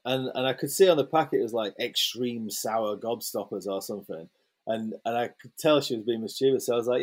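As an interview guest, a young adult man tells a story in casual conversation, talking fast in a medium-pitched voice. He's lively and swears freely, with lots of fillers and restarts.

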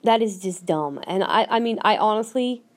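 Woman host of a solo podcast. Blunt and emphatic, repeats herself, mid-pitched voice. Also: normal speed. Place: lives in Minnesota.

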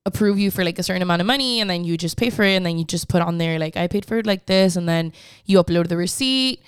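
A young woman, telling a story in casual chat, animated and swearing, peppering her talk with "like". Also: on the low side, fast talker, clear, resonant tone, no echo, studio quality. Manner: animated, swearing, heavy use of "like", slips into Spanish.

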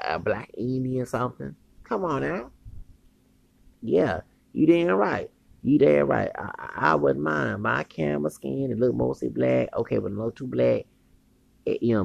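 A man rants in a swaggering podcast monologue, full of profane taunts and stumbling restarts. His voice sits in a middle pitch with a gravelly, fried edge. The sound is dry and close, with no room around it. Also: darkish tone, no echo. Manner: brash, boastful and combative, with frequent restarts. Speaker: podcast host. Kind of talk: unscripted monologue rant.

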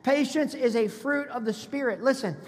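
A man's voice: very high-pitched, normal speed, a little mellow. A man preaching a sermon as pastor, conversational and calling on the congregation to respond. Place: church sanctuary. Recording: long reverb of a large hall.

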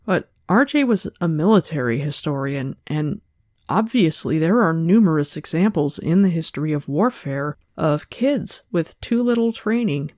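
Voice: mid-range voice, a little mellow, dry recording. Thoughtful book podcaster, dry sound. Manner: thoughtful, analytical. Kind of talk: book discussion, reading aloud.

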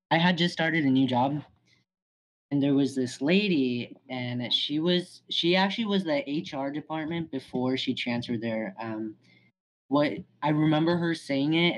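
A man's voice: medium pitch, rough recording. A young man in a casual group conversation, speaking hesitantly with many fillers. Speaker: discussion participant.

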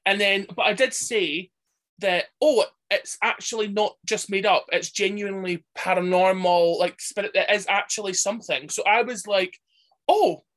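A woman's voice: mid-range voice, steady tone, moderate pace, fairly bright tone. A woman co-hosting a casual film-review chat, rambling and swearing as she acts out the characters. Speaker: podcast co-host.

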